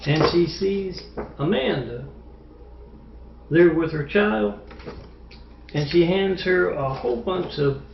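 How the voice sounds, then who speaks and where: A man rants in a rambling, repetitive home video monologue, pausing often to hesitate. His slightly high voice has a gravelly edge. The lo-fi recording is dull and roomy, with faint noise behind him.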